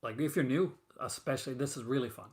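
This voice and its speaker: A man's voice: mid-range voice, fast talker, a little mellow. A man hosting a casual stream, rambling and full of fillers and restarts as he chats with viewers. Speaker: host of a horror film collecting show. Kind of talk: casual live-stream chat.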